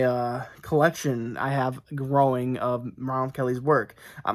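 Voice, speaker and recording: A man's voice: on the high side, a bit bright. Rambling young man showing his book mail. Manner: rambling, self-correcting, chatty with fillers. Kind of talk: casual chat to camera.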